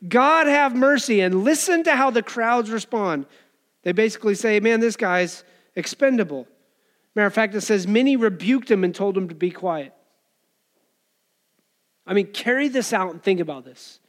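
A man's voice: sits high, lively intonation, moderate pace, long pauses. A pastor preaching a conversational sermon to his church, acting out voices from the story. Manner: conversational preaching, acts out crowd and beggar voices.

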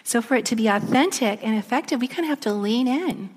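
A woman's voice: a little high, quick pace, a little hiss or hum. Chatty woman preaching in a big hall. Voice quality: chatty, lively storytelling with many fillers. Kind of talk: sermon. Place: church hall. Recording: long reverb in a large hall.

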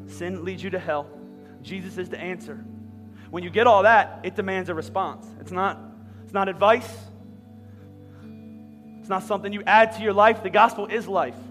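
A man in his thirties from Philadelphia, preaching a sermon in a large church and telling a lively personal story. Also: high voice, normal speed, pauses often. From Philadelphia, USA. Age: 30s. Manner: animated, rising to near-shouting. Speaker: pastor. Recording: long hall reverb, faint music.

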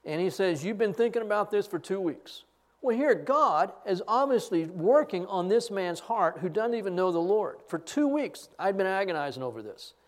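A man's voice: sits high, expressive, moderate pace. A middle-aged man preaching a sermon, telling a story and acting out both sides of the remembered conversation. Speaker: pastor.

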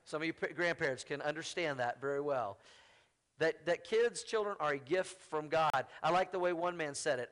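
A pastor with a fairly high voice for a man preaches a sermon in an easy, conversational way. He drops wry asides and calls out to the congregation to finish his lines. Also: moderate pace, a bit bright.

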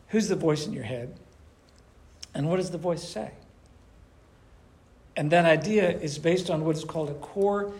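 A man preaching a conversational sermon to his church, animated and acting out little voices as he talks. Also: on the high side, vocal fry. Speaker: pastor.

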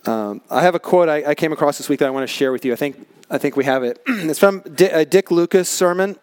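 A man preaching a sermon as pastor, earnest and emphatic, slowing down to stress key words. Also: fairly high pitch, darkish tone, clean tone, no echo. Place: large tent.

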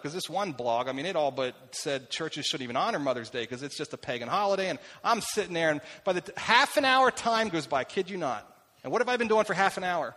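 A man's voice: a little high, bright, forceful tone. A middle-aged man preaching as a pastor, telling stories about himself in a conversational way. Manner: conversational, self-deprecating storytelling. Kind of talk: sermon. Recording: long hall reverb.

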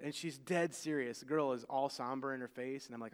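A man's voice: medium pitch, a little fast, few pauses, smooth. A man in his thirties preaching a sermon, conversational, often repeating words as he starts sentences. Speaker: pastor. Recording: long reverb of a large hall.

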